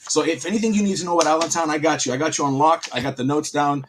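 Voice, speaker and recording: A man casting a card game stream, telling playful, animated local trivia in casual chat. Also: a little high, racing, a little hiss or hum. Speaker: stream caster.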